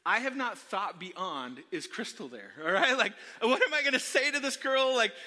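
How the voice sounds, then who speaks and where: Animated middle-aged pastor, bright and high. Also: male voice, moderate pace. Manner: animated, self-deprecating, talks to the congregation. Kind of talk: sermon with personal storytelling. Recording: long hall reverb.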